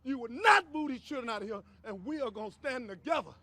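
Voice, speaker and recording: An older man, a community activist shouting a fervent protest speech and repeating himself. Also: very high-pitched, expressive, fast, crowd noise.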